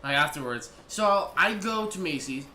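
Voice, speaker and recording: A young man with a slightly high voice rambles through a casual storytime vlog and keeps slipping into quick impressions of the people he met. The recording sounds like it was made in an echoey room with steady background noise behind him. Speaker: vlogger. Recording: echoey room, noisy ambience.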